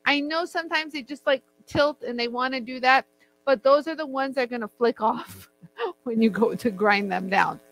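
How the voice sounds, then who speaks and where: A woman's voice: high-pitched, moderate pace, a bit bright, soft background music, poor audio. A woman teaching jewelry making in a casual, chatty way, joking with her crew as she works. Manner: chatty, jokey, laughs often. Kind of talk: casual demo chat. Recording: faint mains hum.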